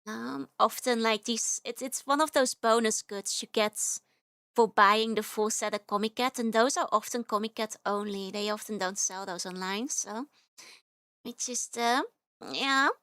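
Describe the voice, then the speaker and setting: A young woman chats casually on a live stream, bubbly and quick to giggle, running through long strings of hellos to her viewers. Her voice sits a little high and sounds smooth and clear. It is recorded close on a mic, dry with no room sound. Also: fairly even intonation, sharp tone, no room sound.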